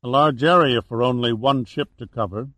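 A man voicing a calm, commanding male patrol ship captain in an audiobook, speaking in a measured, matter-of-fact way. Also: medium pitch, no echo, close to an everyday voice.

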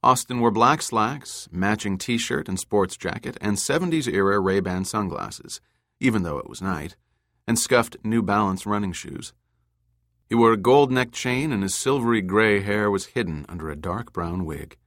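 A man narrating an audiobook in a steady, measured way. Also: on the low side, dry recording, clean studio sound. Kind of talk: scripted narration.

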